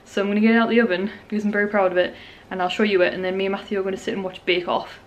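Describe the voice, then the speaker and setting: A woman's voice: medium pitch, little pitch movement, racing, dull audio. A young woman, talking casually to her camera at home in a rambling, chatty way. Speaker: vlogger. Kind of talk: casual home vlog chat. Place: at home, indoors.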